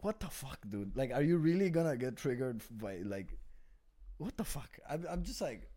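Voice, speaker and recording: A man's voice: mid-range voice, sing-song, moderate pace, dark tone. A man from Peru guests on a casual comedy podcast. He talks animatedly and swears freely, tossing in "dude" and "bro.".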